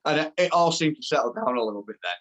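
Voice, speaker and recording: A man tells a story in relaxed conversation, bringing it to life by playing every character in it. His voice sits a little high for a man, and he often stops and starts again mid-sentence. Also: very fast, rough recording. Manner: animated, acts out quoted voices, restarts often. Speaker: band member telling a story. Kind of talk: casual storytelling chat.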